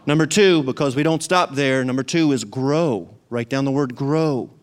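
A man's voice: mid-range voice, normal speed, clear, resonant tone. A male pastor, preaching a sermon in a church. He repeats phrases for emphasis and calls the congregation to respond. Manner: preaching with rising emphasis and repetition. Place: church sanctuary.

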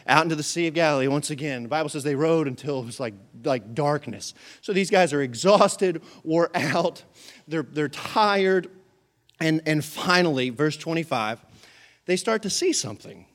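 A male pastor preaching a sermon with humorous, animated storytelling. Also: a little high.

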